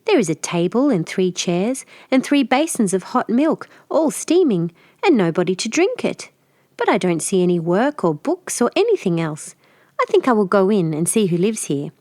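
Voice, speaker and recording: A woman's voice: mid-range voice, very animated, moderate pace, a little mellow, no room sound, studio quality, close to an everyday voice. A woman voicing a curious little girl in a raised, eager voice for a storybook reading.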